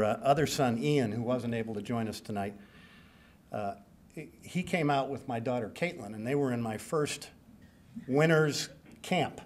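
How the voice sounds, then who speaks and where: A man's voice: mid-range voice, a little mellow, slight background noise. Joking, rambling older man giving a speech. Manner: joking, self-deprecating, rambling. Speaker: hall of fame inductee giving a speech. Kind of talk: banquet acceptance speech.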